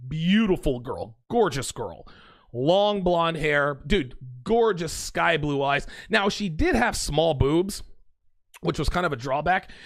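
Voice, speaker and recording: A man's voice: a little high, vocal fry, a bit bright, no room sound. A man casually telling a rambling, confessional dating story.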